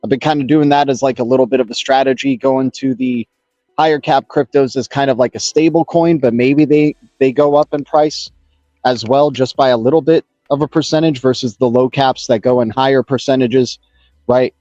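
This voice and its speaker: A man's voice: mid-range voice, fairly even intonation, moderate pace, warm tone, no echo. Upbeat man hosting a crypto livestream. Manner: upbeat, rambling, greets chat by name. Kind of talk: casual livestream chat. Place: home setup in Los Angeles. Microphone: external mic on a phone stream. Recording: dull lo-fi phone stream with music.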